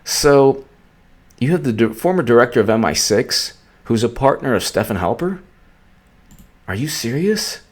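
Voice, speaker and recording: A man's voice: medium pitch, big pitch swings, moderate pace, breathy edge. A man hosting a political commentary vlog, rambling and sarcastic, often stumbling and restarting his sentences.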